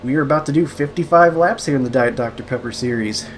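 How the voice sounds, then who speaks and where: A man giving casual live commentary while sim racing from home, thinking aloud, a little out of breath, laughing softly at himself. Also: mid-range voice, fast, a little hiss or hum. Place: room at home.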